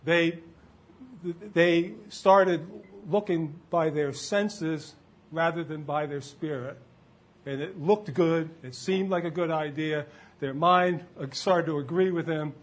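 A man's voice: fairly high pitch, slow pace. A man preaching a sermon to a live congregation in a church, talking casually and quizzing the listeners with questions.

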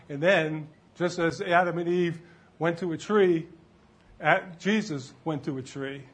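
A man preaching a sermon to a live congregation in a church, talking casually and quizzing the listeners with questions. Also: on the high side.

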